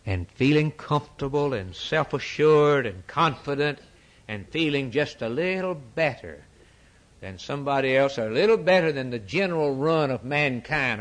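A man's voice: fairly high pitch, sing-song, moderate pace. Emphatic folksy preacher, a man. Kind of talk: sermon.

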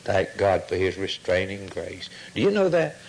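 A man preaching a sermon, fervent and full of rhetorical questions, often dropping to a hushed tone. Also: sits low, big pitch swings, normal speed, creaky, poor audio.

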